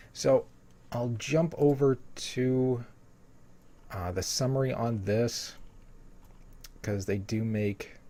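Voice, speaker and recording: A low-voiced, slightly mellow man gives a casual spoiler rundown of a TV episode, reading from a summary. He rambles, leaning heavily on "you know" fillers.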